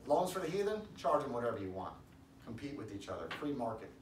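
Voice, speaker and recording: A man's voice: medium pitch, big pitch swings, fast talker. Rambling preacher man in an echoey hall. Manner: loose, rambling preaching with restarts, rising to loud emphatic bursts. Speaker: pastor. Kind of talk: casual sermon. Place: church hall. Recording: echoey room, distant mic, faint background noise.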